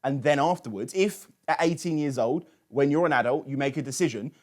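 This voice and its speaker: A man's voice: mid-range voice, a little fast. A man hosts a political talk show in a mid-range voice. His questions wander, with frequent restarts, as he sets up topics for his guests. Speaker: host.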